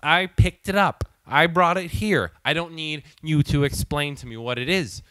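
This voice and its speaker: A man's voice: a little high, normal speed, pushed and bright, no echo. A man hosting his own show, telling a heated, profanity-filled comic story. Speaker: show host.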